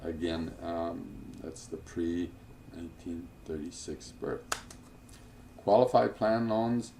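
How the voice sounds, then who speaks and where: Man, low voice, financial planning instructor, casual lecture, lots of fillers and asides. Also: steady tone, takes it slowly, gravelly, background noise. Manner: informal, digressive, with many fillers and asides.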